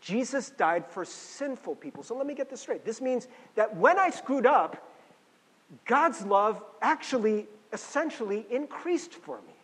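A man preaching a sermon as a pastor, talking in a casual, animated way with frequent restarts and fillers. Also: very high-pitched, measured pace, slightly rough, long reverb tail.

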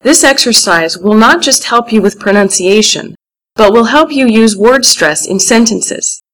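A woman's voice: medium pitch, a bit bright, low-quality recording. An American woman gives an English lesson, reading telephone phrases aloud for learners. She leans hard on the stressed words, so her delivery sounds almost sung. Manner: clear, strong word stress, sing-song delivery. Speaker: English teacher.

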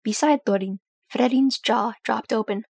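A woman narrating a story as an audiobook reader in an even, unhurried voice. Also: a little high, vocal fry, husky, dry recording.

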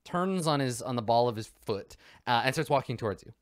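A man's voice: mid-range voice, lively intonation, brisk, no echo. Man, game master, rambling narration, fillers, dry sound. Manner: loose, filler-heavy narration.

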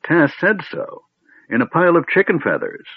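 A man doing a gruff, hoarse dwarf. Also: fairly high pitch, wildly swooping pitch, moderate pace, no echo, muffled recording, voice pushed up, exaggerated voice. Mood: gruff, alarmed.

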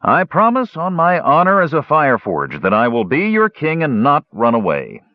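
A man acts out a grumpy, gray-haired hill dwarf who barks in gruff, exasperated bursts. His voice swings in pitch and sounds dry and close, with a dull, muffled tone. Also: wildly swooping pitch, moderate pace, no echo.

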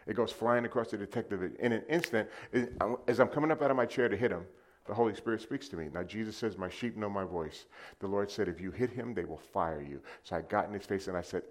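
A middle-aged preacher tells a personal story in his sermon, talking fast in a deep, low voice. He shouts out to the congregation one moment and drops to a hush the next.

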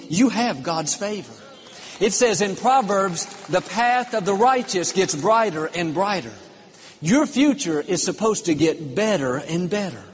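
A man delivering an upbeat, emphatic sermon from a pulpit, driving his declarations higher as he goes. His voice sits a bit high and carries a husky, breathy edge. A long reverb from a large church hall trails every phrase. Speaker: pastor.

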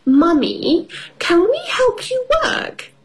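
A squeaky, bouncy little girl pig from a storybook, eager and pleading, played by a woman reading aloud. Her voice leaps up high and swoops around, full of childish excitement. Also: slow, full character voice. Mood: excited.

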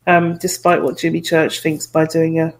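A woman's voice: low voice, level tone, normal speed, rough recording. A woman hosting a podcast, asking questions in an enthusiastic, giggly manner. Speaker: podcast host. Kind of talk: casual interview chat.

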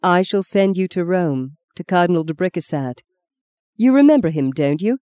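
A woman voicing a bitter, sharp-tongued middle-aged mother, speaking tartly and vehemently in an audiobook. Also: lowish voice, animated, moderate pace, clear, resonant tone, no room sound, lightly acted. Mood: brisk. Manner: tart, vehement. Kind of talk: audiobook character reading.

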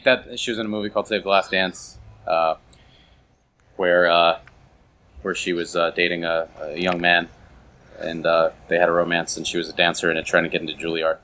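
Deadpan man with a bright voice. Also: low voice, normal speed, pauses often. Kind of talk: casual comedic chat.

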